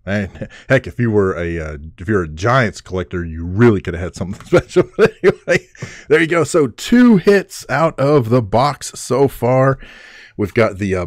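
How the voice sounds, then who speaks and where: A man's voice: on the low side, no echo. A man hosting a live-streamed trading card break, calling out each card and who gets it, and gushing when he pulls a good one. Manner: excitable, gushing over pulls, filler-heavy; calls out cards and owners in a running list.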